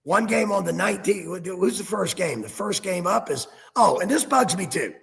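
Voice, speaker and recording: A man's voice: high-pitched, animated, moderate pace, gravelly. A man co-hosting casual sports talk, ranting and sarcastic, recorded with a reverberant room sound.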